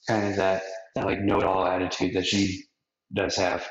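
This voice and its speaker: Low-voiced man rambling a casual recap. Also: monotone, normal speed. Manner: rambling and slangy, acts out quotes. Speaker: podcast host recapping an anime. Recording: roomy, dull lo-fi podcast audio.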